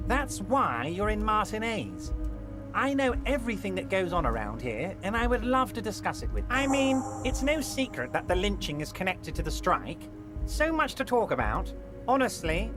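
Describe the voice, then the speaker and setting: A man voicing a fawning middle-aged union boss who talks in an oily, overly reassuring, theatrical way. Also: high voice. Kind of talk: fan voice acting of a game.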